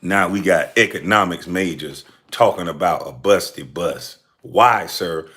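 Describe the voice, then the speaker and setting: A man's voice: low-pitched, a little slow, pushed and bright. Heated, profane man ranting to camera. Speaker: commentator answering critics. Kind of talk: angry direct-to-camera rant.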